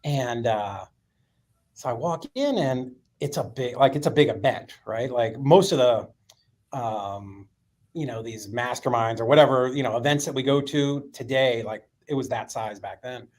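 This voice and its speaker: Animated, swearing male storyteller. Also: medium pitch, a little slow. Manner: animated, profane, filler-heavy storytelling. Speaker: guest. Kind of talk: storytelling in a podcast interview.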